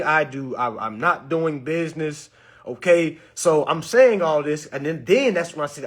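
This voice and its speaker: Young guy telling a story, husky voice, pitch jumps all over, kinda high. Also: fairly bright tone. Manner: acts out quotes with sudden high-pitched bursts and laughs. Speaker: storyteller addressing an audience. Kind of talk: animated storytelling talk.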